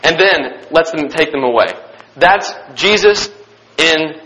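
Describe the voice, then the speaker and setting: A young man preaching a sermon, reading scripture and stressing key points with excitement and repetition. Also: a little high, slow, low-quality recording. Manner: emphatic and excited, repeating key phrases; frequent restarts and fillers.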